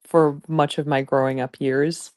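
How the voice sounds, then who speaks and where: A woman with a Midwestern accent, a voice actor chatting casually on a video call, soft-spoken and brief. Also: low-pitched, flat delivery, a little slow. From Upper Midwest. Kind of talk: casual chat.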